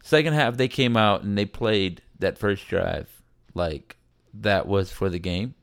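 A man hosting a casual sports podcast, rambling and animated, often acting out quotes from players and fans. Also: lowish voice, a little slow, vocal fry, clean tone, dry recording, studio quality. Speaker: podcast host.

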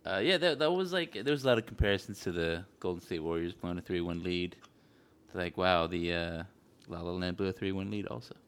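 Guy with a lowish voice, chatty, swears a bit, tells stuff animatedly. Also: a little fast, clear, resonant tone. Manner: animated storytelling, swears casually, mimics other people. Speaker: podcast co-host. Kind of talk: casual chat.

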